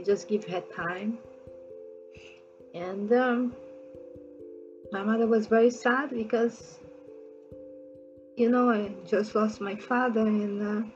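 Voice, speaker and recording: Woman, gravelly voice, halting and hesitant, non-native English phrasing, dull lo-fi recording with faint music. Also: mid-range voice. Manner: halting, with frequent pauses and fillers. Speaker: storyteller. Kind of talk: personal recollection told casually.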